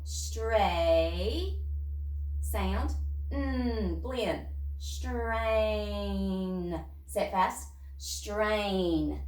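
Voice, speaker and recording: A woman's voice: mid-range voice, recorded from a distance. A woman teacher leading young children through a phonics lesson, sounding out words step by step. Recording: echoey room, voice off-mic.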